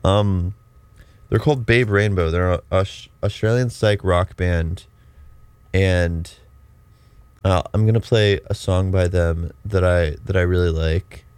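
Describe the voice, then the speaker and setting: A man's voice: low voice, steady tone, slow pace, darkish tone, clean tone, dry recording. A young man hosting a college radio show, chatting casually and rambling with lots of restarts. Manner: rambling, restarting, self-deprecating. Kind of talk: casual on-air chat.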